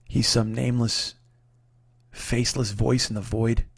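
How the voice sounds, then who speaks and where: A man hosting his own comedy show, telling a long story in a profane, animated, self-deprecating way. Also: mid-range voice, measured pace, creaky, breathy edge, no echo, studio quality. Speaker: comedian host. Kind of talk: comic storytelling monologue.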